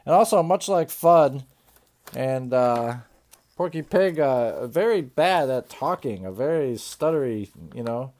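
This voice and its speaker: A man hosting a podcast in a crude, rambling comedic rant, swearing constantly and often trailing off into low mumbles. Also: animated, normal speed, a little mellow. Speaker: podcast host.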